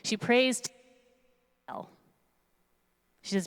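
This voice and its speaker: A woman's voice: medium pitch, normal speed. Woman rabbi telling a story in a hall. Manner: casual, lively retelling. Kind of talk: sermon storytelling. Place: synagogue sanctuary. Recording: long reverb of a large hall.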